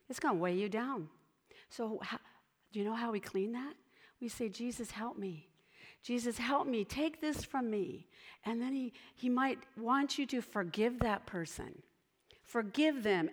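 A woman gives a children's sermon in church, coaxing answers with gentle questions. Her voice sits a little high. The sound rings with long hall reverb.

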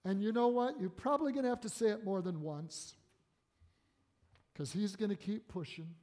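A male pastor preaching and praying to his congregation in an earnest sermon style, swelling to emphatic peaks and dropping low. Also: moderate pace, a little mellow. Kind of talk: sermon with prayer. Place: church sanctuary. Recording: long reverb of a church hall.

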